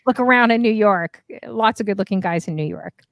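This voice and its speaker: A woman chatting casually on a livestream panel, lively and laughing, acting out quotes with playful voices. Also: medium pitch, fairly quick, creaky, no room sound. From Canada. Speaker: panel guest streamer.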